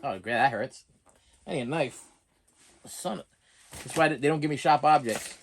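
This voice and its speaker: A middle-aged man with a mid-range voice rants at normal speed in a comedic vlog that mixes a rant with an unboxing. He sounds exasperated and keeps stumbling over restarts.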